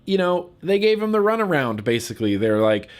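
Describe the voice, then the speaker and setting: A man's voice: on the high side, big pitch swings, brisk, clear, resonant tone. A man from California talking casually to camera in a vlog, getting fired up and repeating words for emphasis. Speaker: vlogger.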